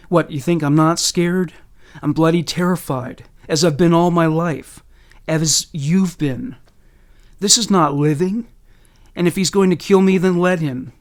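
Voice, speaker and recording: A man voicing a frightened young woman who pleads haltingly and then stands firm. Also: sits low.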